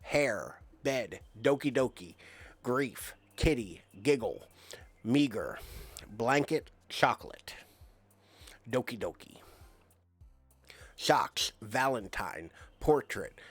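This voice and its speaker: A man's voice: medium pitch, lively intonation, slow, breathy edge, no echo. A male streamer on a live game stream, reading out game text and word lists with playful asides.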